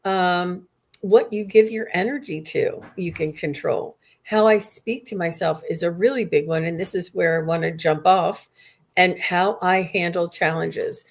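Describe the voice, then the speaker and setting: Calm reflective woman hosting a livestream. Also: fairly low pitch, a little slow, vocal fry. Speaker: host. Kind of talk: livestream conversation.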